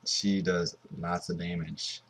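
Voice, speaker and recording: Low husky man, slow and rambling. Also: little pitch movement, fairly bright tone. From Southern California. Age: 20s. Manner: rambling and offhand. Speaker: mobile game YouTuber. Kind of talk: casual gameplay commentary.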